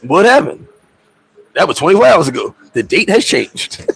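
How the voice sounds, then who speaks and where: A high-voiced man holds a casual livestream chat, his husky voice leaping up and down. He talks in street slang, laughs often, and acts out quick scenes in put-on voices. The sound is close and dry. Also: big pitch swings, fairly bright tone, poor audio. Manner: loose street slang and profanity. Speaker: expat vlogger and livestream host.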